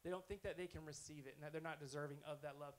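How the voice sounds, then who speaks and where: A man's voice: fairly high pitch, steady tone, racing, low-quality recording. A man preaching a sermon in a conversational, earnest storytelling way. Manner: conversational, earnest, self-correcting.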